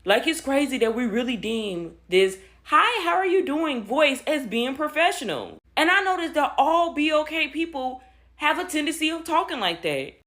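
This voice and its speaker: A woman with a fairly high voice vents to camera in loose, slangy talk. She sounds exasperated and blunt, peppering her lines with "bro". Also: big pitch swings, moderate pace, fairly bright tone. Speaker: social media commentator. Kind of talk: casual rant to camera.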